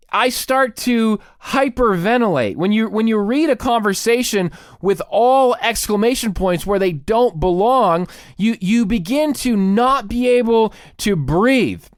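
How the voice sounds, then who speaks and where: A man's voice: high-pitched, lively intonation, slow pace, no room sound, clean studio sound. A man hosting a podcast, delivering a comic rant with exaggerated mock panic. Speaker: podcast host.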